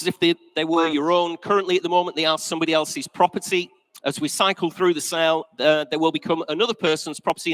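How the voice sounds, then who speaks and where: A male auctioneer with a somewhat high voice opens a live sale in a large indoor auction room, chatty, jokey and a little out of breath. He addresses the room as ladies and gentlemen, and the recording is dry with poor audio.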